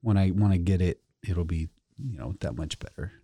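A man co-hosting a casual podcast, spinning a story with plenty of laughter. His voice sits fairly low and mellow. The sound is dry and close. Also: fairly quick, breathy edge, dry recording. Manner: animated storyteller, laughs often. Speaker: podcast co-host. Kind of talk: casual chat.

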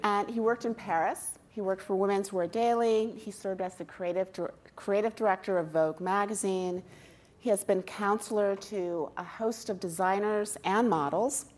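A woman interviewing a guest on stage, speaking in a measured, polite way with small hesitations. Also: mid-range voice, steady tone, darkish tone.

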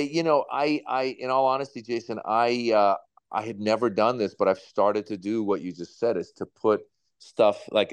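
Male comic, 50s, low smooth voice, chatty storyteller. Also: no echo. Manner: animated, acts out voices in anecdotes. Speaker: comedian guest. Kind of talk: relaxed interview storytelling.

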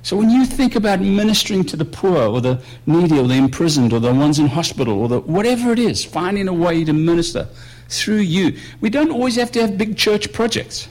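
A man preaching a sermon in a conversational way, moving between quiet musing and raised emphasis. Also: high voice, very animated, brisk. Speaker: pastor.

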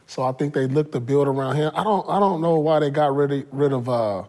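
A man's voice: a little high, fairly quick, a little mellow. A man co-hosting a casual sports chat, laid-back and agreeable. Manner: laid-back, agreeing interjections, laughs along. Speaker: co-host.

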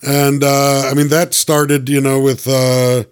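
A man's voice: medium pitch, little pitch movement, slow, clean tone. Male guest actor, casual, stammery and self-deprecating, mid-range voice. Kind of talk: casual chat.

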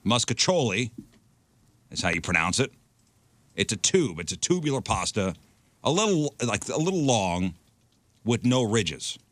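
A man hosting a radio show, chatting casually and joking with animated emphasis. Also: fairly low pitch, moderate pace, pauses often. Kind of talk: casual chat.

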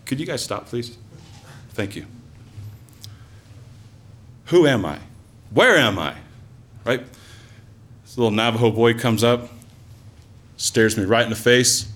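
A man spinning a personal story for a live audience, his pitch swinging widely as he gets into it. His voice sits at an ordinary middle height, and he talks conversationally, full of asides, "like"s and "um"s. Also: animated, slow, long pauses, fairly bright tone. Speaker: storyteller, former teacher.

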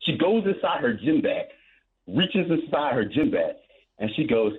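A man calling in to a radio show, telling a rambling, animated story and repeating himself as he goes. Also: mid-range voice, a little slow, a little hiss or hum. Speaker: caller. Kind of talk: telling a story on a phone call. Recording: tinny phone line.

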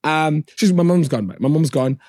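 A man's voice: fairly high pitch, normal speed, a little mellow, no room sound. Blunt, dry-voiced South African man. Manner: blunt, swears freely, repeats words for emphasis. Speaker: podcast guest. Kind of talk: casual conversation.

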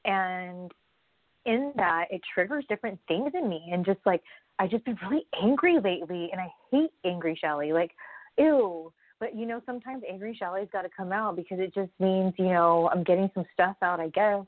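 A woman's voice: mid-range voice, moderate pace, no room sound. A woman talks straight to her viewers in a loose, rambling vlog, drifting off track and circling back. Her voice sounds thin and phone-like, with a dry, close sound and no room around it. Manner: rambling, candid, loses her train of thought. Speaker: vlogger. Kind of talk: casual personal vlog talk.

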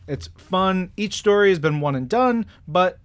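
A man's voice: high voice, animated, measured pace, clean tone. A man hosting a podcast, chatting casually and enthusiastically about comics, rambling with lots of fillers. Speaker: podcast host.

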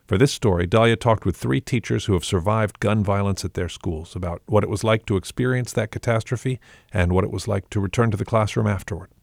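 Podcast host guy talking to his listeners, friendly, low gravelly voice. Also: fairly quick, darkish tone, dry recording, clean studio sound. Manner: friendly, direct address to listeners. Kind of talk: scripted promo read.

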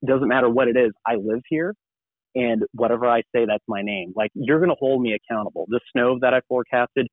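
A man working as a TV meteorologist, talking casually as a guest and telling animated stories, acting out what people said. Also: mid-range voice, brisk, no echo. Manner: animated storyteller, acts out quoted dialogue. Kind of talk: casual podcast conversation. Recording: dry phone-like sound.

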